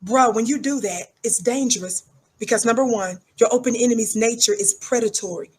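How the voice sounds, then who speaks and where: A woman's voice: fairly high pitch, fairly quick, a little mellow, breathy edge. A middle-aged woman, talking in an emphatic, preachy livestream monologue and repeating words for effect. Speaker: livestream commentator.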